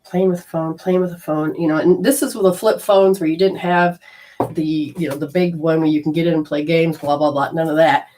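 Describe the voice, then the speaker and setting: A woman telling a personal story in a casual, animated way, swearing freely and acting out her own panic. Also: sits low, fairly quick.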